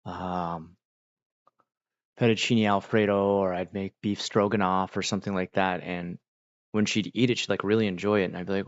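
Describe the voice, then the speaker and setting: A lowish-voiced man rambles easily through a casual livestream chat, full of fillers. The sound is dry and a bit dull. He sounds unhurried and at ease. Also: dry recording. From United States. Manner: rambling, relaxed, many fillers. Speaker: livestream host.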